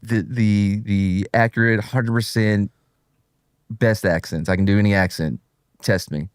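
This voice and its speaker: A man's voice: fairly low pitch, steady tone, unhurried, clear, resonant tone, no room sound, clean studio sound. A man co-hosting a casual political show, joking and self-mocking and easily distracted. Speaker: podcast co-host.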